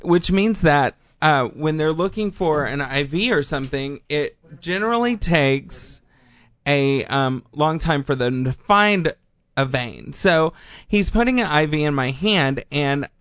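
A man's voice: a little high, lively intonation, a little slow, a bit bright, dry recording. A man chatting casually, telling a rambling story with frequent laughs.

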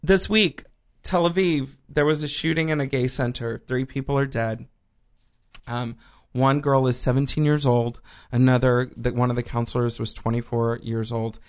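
A man's voice: medium pitch, steady tone, moderate pace. A man hosting a casual call-in radio show from a studio, chatty and playful, turning sober for news items.

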